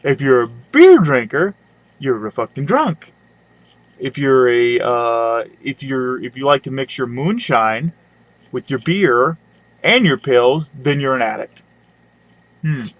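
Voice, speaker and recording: A man's voice: medium pitch, lively intonation, slow, dry recording. Man, crude sarcastic webcam rant, rambling asides, dry dull lo-fi sound. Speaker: webcam vlogger. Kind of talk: profane comedic rant. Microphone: webcam mic.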